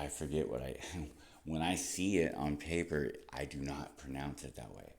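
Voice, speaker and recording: A man's voice: very deep voice, moderate pace, creaky. A young man talking to camera in a rambling, casual monologue, laughing often and swearing freely. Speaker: vlogger.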